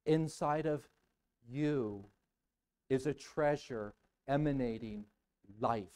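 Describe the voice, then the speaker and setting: A man preaching a sermon as pastor in a church, dramatic and emphatic, repeating words for weight and swinging from hushed murmurs to loud outbursts. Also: medium pitch, smooth, rough recording. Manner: emphatic repetition. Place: church sanctuary.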